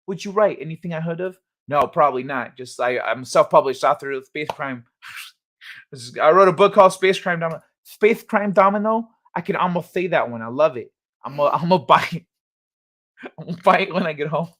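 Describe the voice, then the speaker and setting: A man doing an impression of a gruff, friendly heavyweight boxer in a low, mumbled voice with a steady rhythm. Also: brisk. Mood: enthusiastic.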